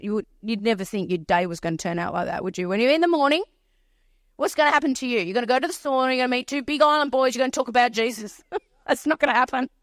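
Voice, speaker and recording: A woman minister tells a story from the pulpit in a high voice, acting out every line of dialogue. She repeats phrases for effect, and the sound is dry with no room echo. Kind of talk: sermon storytelling.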